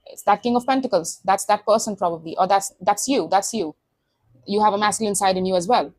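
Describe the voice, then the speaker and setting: A woman's voice: mid-range voice, brisk, no room sound. A woman giving a casual tarot reading to camera, blunt and sassy, acting out imagined thoughts. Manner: sassy, blunt, acts out quoted inner voices. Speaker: tarot reader.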